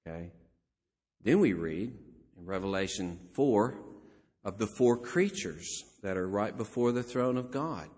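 A man preaching a sermon as a pastor, lively with joking asides and chuckles. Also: fairly low pitch, a little slow, slightly rough. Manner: animated, joking asides with laughs. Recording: long hall reverb.

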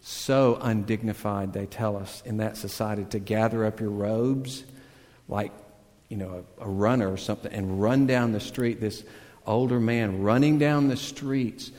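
A man's voice: lowish voice, fairly even intonation, measured pace. Earnest preacher man in a reverberant hall. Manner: earnest, builds to loud emphatic peaks then drops to a hush; conversational storytelling with self-deprecating asides. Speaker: pastor. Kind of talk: sermon.

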